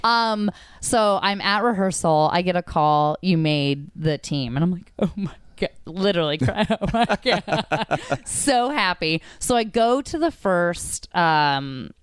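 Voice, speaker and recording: Smooth-voiced young woman telling a story. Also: measured pace, dry recording. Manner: animated, acts out quoted voices with big pitch jumps. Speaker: guest. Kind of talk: casual podcast storytelling.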